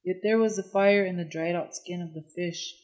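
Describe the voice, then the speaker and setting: A storyteller telling an old legend in a measured, solemn way, each line set down with care. The voice sits in a middle pitch, steady and plain. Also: poor audio. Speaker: narrator. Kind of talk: storybook narration.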